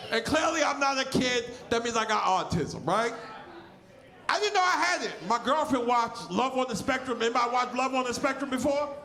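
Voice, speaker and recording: A man in his forties with a lisp works a comedy club crowd in a stand-up set. His voice is very high and swings all over, and he is loud and crude, often shouting. The room gives his mic a roomy echo. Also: animated, normal speed. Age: 40s.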